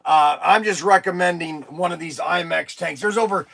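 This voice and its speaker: A man hosting a toy shop live stream, an excitable pitchman who rambles and breaks into shouts, his voice strained from days of nonstop talking. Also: normal speed, creaky. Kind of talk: casual live-stream sales talk. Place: inside a toy shop among shelves.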